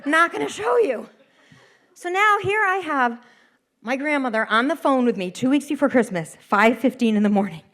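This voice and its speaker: Brief: woman doing live comic storytelling, lively and high, laughs at her own lines. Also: a little fast. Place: theater stage.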